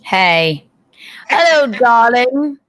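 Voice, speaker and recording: A woman's voice: fairly high pitch, big pitch swings, very slow, a crowd in the background. A woman, the host's partner, teasing him with exasperated, laughing complaints. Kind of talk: casual teasing chat.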